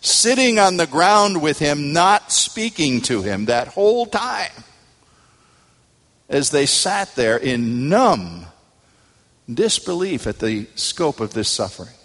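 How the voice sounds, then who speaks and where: A man's voice: mid-range voice, fairly bright tone. Man, pastor, sermon, dramatic storytelling, emphatic peaks, long reverb.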